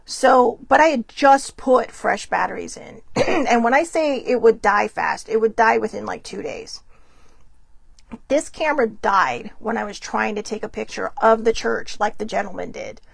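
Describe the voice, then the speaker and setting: Woman, livestream host, rambling casual storytelling, gravelly, dry close sound. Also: fairly high pitch, animated, moderate pace, no room sound. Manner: rambling, chatty, laughs often.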